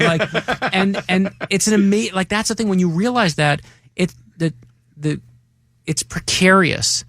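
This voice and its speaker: Man, gravelly voice, fairly high pitch, author guest on a radio show, excitable storyteller acting out quotes, studio mic. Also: normal speed, no room sound. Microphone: studio microphone.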